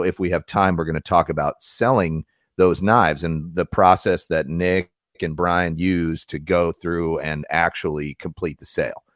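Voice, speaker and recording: Deep-voiced male podcast host. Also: dry recording, clean studio sound. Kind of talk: casual podcast chat and read ad.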